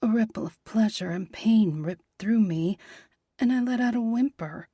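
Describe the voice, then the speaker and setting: A woman narrating a romance audiobook in a soft, breathy, half-whispered voice. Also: a little high, moderate pace, no echo, studio quality.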